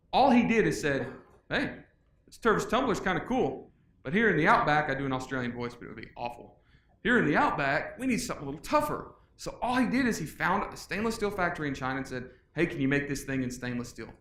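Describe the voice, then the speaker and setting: A middle-aged man giving a casual, energetic conference talk, joking with the audience. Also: a little high. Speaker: conference speaker. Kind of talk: live presentation. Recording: echoey conference room.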